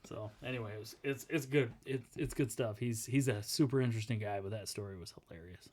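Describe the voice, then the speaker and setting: A man co-hosting a casual podcast, telling a story with lively acted-out quotes and laughing as he talks. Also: mid-range voice, fast talker. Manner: animated storyteller, acts out quotes, laughs while talking. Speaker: podcast co-host.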